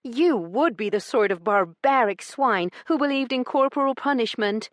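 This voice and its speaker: A fiery young noblewoman, voiced by a woman narrator, who fires back with sharp indignant retorts. Her voice sits higher and louder than the narration around it, with lively swings in pitch. The reading sounds close and dry, like an audiobook recorded in a booth. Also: normal speed, no room sound, close to an everyday voice. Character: fiery young noblewoman, defiant and quick-tempered.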